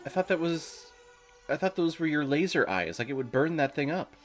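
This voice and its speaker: A man's voice: a little high, animated, normal speed, soft background music. A man hosting a comedic movie watch-along, making irreverent jokes and swearing. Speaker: host.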